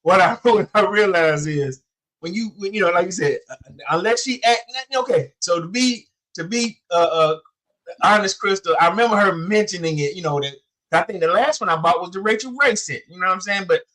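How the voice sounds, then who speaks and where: Man, 40s, high voice, chatty storyteller who acts out dialogue. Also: a little fast. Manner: animated storyteller, acts out quotes, many fillers. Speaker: podcast co-host. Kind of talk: casual storytelling chat.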